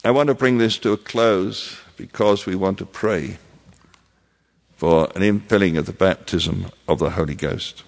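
A man preaching a sermon as pastor, in a measured way with emphatic repetitions. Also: low voice, vocal fry, long reverb tail.

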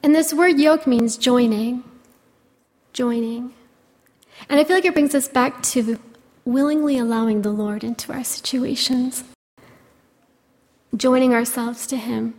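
Earnest woman preaching in a reverberant hall. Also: high-pitched. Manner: earnest, gentle, many "you know" fillers. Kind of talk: sermon.

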